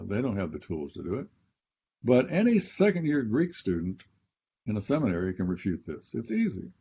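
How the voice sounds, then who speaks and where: Man, Bible professor, lowish mellow voice, husky, patient step-by-step teaching, slightly dull recording. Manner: explains grammar step by step, professorial, repeats key phrases. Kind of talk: teaching conversation on a podcast.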